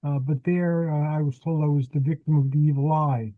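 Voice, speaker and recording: Host guy talking over a phone line, slow with lots of uhs, dry sound. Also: on the high side, steady tone, dry recording. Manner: unhurried storyteller with frequent "uh" pauses. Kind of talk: interview conversation.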